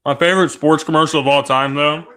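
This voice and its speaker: A man's voice: a little high, fairly even intonation, fast, pushed and bright. A young man casually reacting to a live football game, blunt and profane, rambling between plays.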